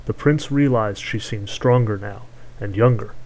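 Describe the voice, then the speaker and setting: A man narrating a fairy tale in a steady, measured storytelling manner. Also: fairly low pitch, rough recording.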